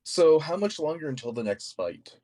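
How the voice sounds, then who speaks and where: A man's voice: on the high side, big pitch swings, moderate pace, warm tone. A young man taking part in a tabletop game, talking hesitantly with many fillers. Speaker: player. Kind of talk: casual tabletop play.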